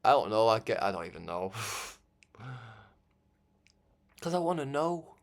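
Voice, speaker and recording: A man's voice: on the low side, big pitch swings, measured pace, creaky. A man giving an informal spiritual talk, rambling and conversational, laughing often and stumbling over restarts. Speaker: religious broadcaster.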